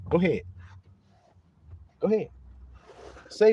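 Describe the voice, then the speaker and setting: A high-pitched man preaching to his online flock, his voice swinging widely up and down as he jokes, swears and fires rhetorical questions. The sound is close and dry, with no room around it. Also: animated, normal speed, a little mellow, slightly rough, dry recording. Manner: profane, mocking and laughing, rhetorical questions. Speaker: online preacher and livestream host. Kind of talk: streetwise livestream preaching.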